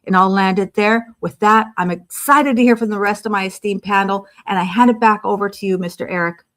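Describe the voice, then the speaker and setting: A woman's voice: mid-range voice, brisk, fairly bright tone. An older woman giving an emphatic, preachy motivational talk on a video call, stretching out her punchlines. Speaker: panel speaker.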